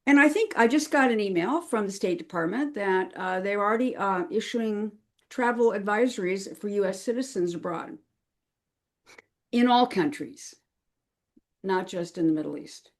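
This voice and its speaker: A woman's voice: mid-range voice, normal speed, a little mellow. A woman speaking as a guest on a podcast interview, chatty and earnest, with frequent fillers and restarts. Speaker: crisis management consultant, podcast guest.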